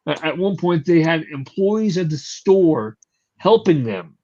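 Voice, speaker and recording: A podcast host telling a story in casual chat, animated and swearing casually, with plenty of fillers. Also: male voice, on the high side, a little slow. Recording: slightly muffled lo-fi recording.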